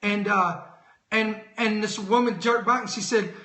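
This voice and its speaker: High, bright-voiced man preaching animatedly. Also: a little slow, echoey room. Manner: animated, storytelling with quoted dialogue and self-corrections. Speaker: host of a Christian teaching stream. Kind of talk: live-streamed sermon-style talk.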